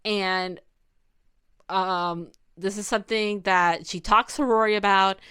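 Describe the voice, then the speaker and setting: A woman's voice: mid-range voice, fairly even intonation, takes it slowly, bright, forceful tone, smooth. A young woman in casual commentary, chatting loosely with many "like" fillers and restarts. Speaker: video essay host.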